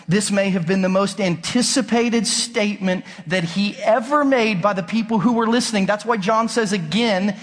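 A man's voice: high voice, long reverb tail. A male pastor preaching a conversational sermon, emphatic and full of rhetorical questions. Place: large church auditorium.

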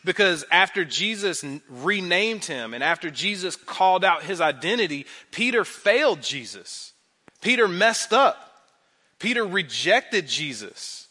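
A man in his thirties preaching a conversational sermon, animated, repeating phrases for emphasis and using many fillers. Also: sits high, measured pace. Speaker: pastor.

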